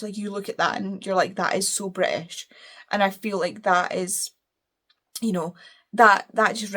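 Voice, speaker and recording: A British woman with a medium-pitched voice chats casually as a book reviewer. She's opinionated and gushing, with playful, self-deprecating apologies.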